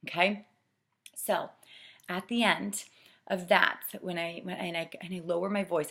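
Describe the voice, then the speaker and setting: A middle-aged woman coaching saleswomen, earnest and persuasive, dropping to a soft hush to stress a point. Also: lowish voice, moderate pace, vocal fry, slightly rough. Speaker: sales director training consultants. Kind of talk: coaching talk with acted sales pitch.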